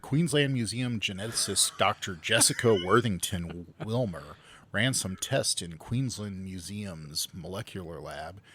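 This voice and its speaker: A man's voice: low-pitched, expressive, a little slow, pushed and bright, slight background noise. A man co-hosting a podcast, reading news stories aloud in a casual chat and stumbling over some words.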